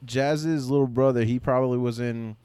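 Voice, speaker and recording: A man's voice: medium pitch, steady tone, moderate pace, warm tone, clear, resonant tone, dry recording. A young man in casual chat, blunt and profane, telling jokey stories.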